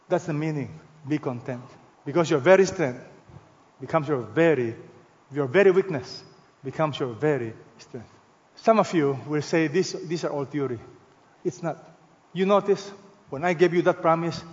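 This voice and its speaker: High-voiced preaching man in a reverberant hall. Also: lo-fi sound. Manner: emphatic preaching, drawn-out stressed words, swings from loud to hushed. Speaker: pastor. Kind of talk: sermon.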